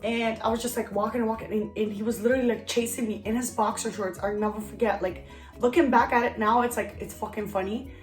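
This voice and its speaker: A woman's voice: fairly high pitch, steady tone, fast. A young woman vlogger telling a casual story time, rambling and full of "like" fillers. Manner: rambling, heavy use of "like" fillers. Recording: roomy echo, faint background music.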